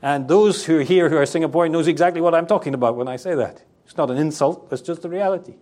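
A man preaching a sermon to a congregation, animated and acting out the voices of the people in his story. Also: quick pace. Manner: animated, acts out quoted voices with sharp pitch swings.

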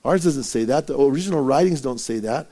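A male pastor preaching a sermon, firing rhetorical questions and acting out anecdotes with lively swings in volume. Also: mid-range voice, brisk.

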